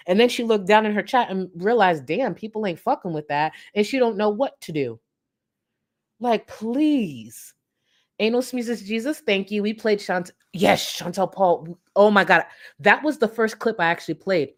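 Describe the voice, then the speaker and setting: Blunt, profane woman streamer. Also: on the low side. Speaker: commentary streamer. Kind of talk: casual live-stream commentary.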